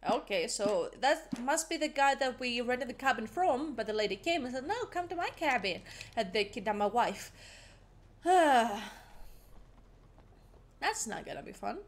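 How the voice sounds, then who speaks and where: A woman's voice: a little high, animated, a little slow, pauses often, a little hiss or hum. A young woman commenting casually while playing a game, jumpy and chatty, mocking herself. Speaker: gaming streamer. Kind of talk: casual let's-play commentary.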